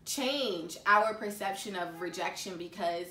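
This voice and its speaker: A woman vlogging about faith and life in a casual, slangy, animated way. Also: mid-range voice, unhurried. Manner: chatty, slangy, animated storytelling. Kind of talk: casual confessional talk. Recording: echoey room, mic at a distance.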